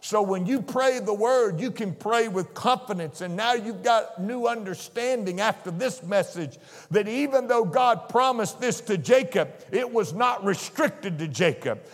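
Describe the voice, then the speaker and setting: High-voiced guy preaching, slow and emphatic, big echoey church hall sound. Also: expressive. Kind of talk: sermon.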